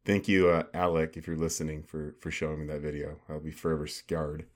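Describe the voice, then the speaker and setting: Rambling low-voiced male co-host. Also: little pitch movement, a little fast. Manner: rambling, filler-heavy storytelling. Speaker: podcast co-host. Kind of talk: casual podcast chat.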